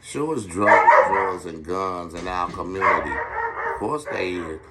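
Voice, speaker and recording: A man's voice: low voice, measured pace, very noisy. Blunt, profane middle-aged man. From Washington, D.C. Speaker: podcast host. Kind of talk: street-wise monologue storytelling.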